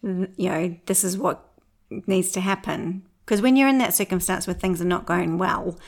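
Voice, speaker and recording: Chatty woman co-host with a gravelly edge. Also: lowish voice, normal speed. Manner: chatty, lively storyteller who laughs easily. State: recovering from illness. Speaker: podcast co-host. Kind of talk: casual chat.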